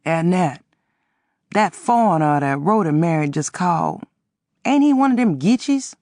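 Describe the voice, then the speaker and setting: A woman's voice: on the low side, expressive, unhurried, a little mellow, dry recording, studio quality. A woman voicing a tired old father who grumbles and rambles. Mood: grumbling.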